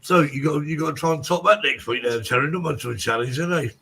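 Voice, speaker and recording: A man's voice: a little high, fast, sharp tone, slightly rough, rough recording. A man hosting a live drone chat show, joking with guests. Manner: chatty, laughing. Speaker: show host. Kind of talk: live-stream casual chat.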